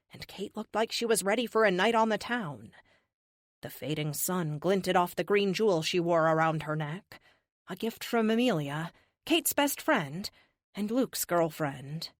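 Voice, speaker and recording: Lively woman audiobook narrator. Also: fairly low pitch, no room sound, clean studio sound. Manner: lively, expressive reading. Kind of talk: scripted narration.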